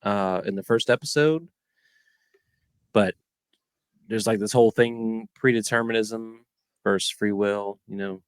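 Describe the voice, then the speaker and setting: A man co-hosting a casual podcast, laid-back and halting, often repeating himself. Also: lowish voice, smooth, dry recording, studio quality. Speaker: podcast co-host. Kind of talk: casual chat.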